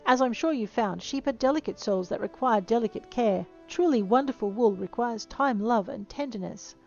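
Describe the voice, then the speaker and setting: A woman's voice: fairly high pitch, moderate pace, creaky, muffled recording, soft background music. A woman reading out the lines of a gushing male farmer who dotes on his animals, in a theatrical, swooning way. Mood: doting.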